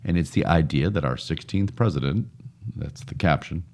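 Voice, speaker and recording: A man's voice: extremely low pitch, normal speed, a little mellow. A man co-hosting a casual podcast, chatty and joking, often laughing at his own stories. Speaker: podcast co-host.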